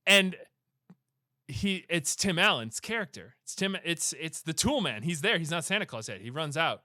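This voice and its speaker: A young man casually recapping a movie plot for a podcast, animated, swearing and slipping into quick character voices. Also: fairly high pitch, dry recording, clean studio sound. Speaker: podcast co-host.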